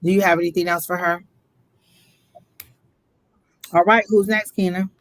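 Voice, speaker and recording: A woman's voice: fairly low pitch, fairly even intonation, normal speed, fairly bright tone, dry recording. A woman giving a live psychic reading, preaching emphatically and calling the listener honey, emotional and close to tears. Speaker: psychic reader.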